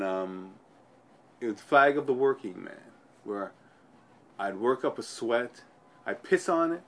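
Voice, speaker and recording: A man at an ordinary middle pitch tells his own story to an interviewer. His telling rambles, restarting sentences and repeating phrases as he works through it. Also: fairly bright tone. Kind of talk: personal storytelling in conversation.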